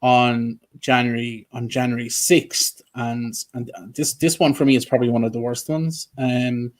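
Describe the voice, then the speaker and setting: A man hosting a casual interview over a video call. He speaks earnestly, often restarting his sentences and filling pauses with "um". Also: mid-range voice, level tone. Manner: many ums and restarts, earnest. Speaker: host.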